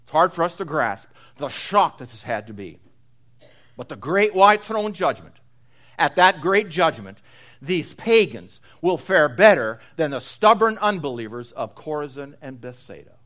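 Emphatic preacher, slightly high voice. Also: male voice, big pitch swings, unhurried. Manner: swings from loud emphatic to low and quiet; repeats phrases for emphasis. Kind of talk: expository sermon.

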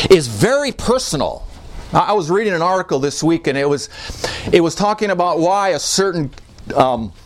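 Male pastor, high voice, very lively pitch, emphatic verse-by-verse preaching. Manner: animated preaching with emphatic repetitions. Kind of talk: expository sermon.

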